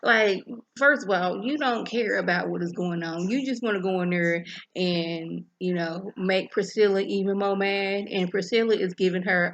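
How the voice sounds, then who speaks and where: Animated woman recapping a show. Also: mid-range voice, moderate pace, lo-fi sound. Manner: animated, acts out characters' lines. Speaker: TV episode reviewer. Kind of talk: casual episode recap.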